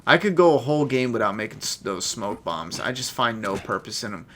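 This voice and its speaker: A man's voice: lowish voice, animated, fairly quick, fairly bright tone, a little hiss or hum. A man with a stuffed-up nose giving chatty, profane, laid-back commentary while playing a game. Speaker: gameplay streamer. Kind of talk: casual gameplay commentary.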